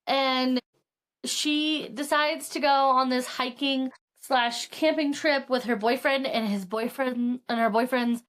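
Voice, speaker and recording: A woman co-hosting a casual book podcast, chatty and retelling plots with many fillers. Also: sits high. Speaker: podcast co-host.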